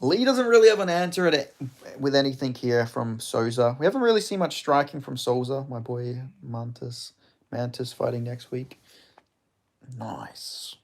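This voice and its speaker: Excitable man reacting to a live fight. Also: medium pitch, normal speed. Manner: excitable, swearing, bursts into loud reactions. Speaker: streamer hosting a live fight watch-along. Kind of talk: live casual fight commentary.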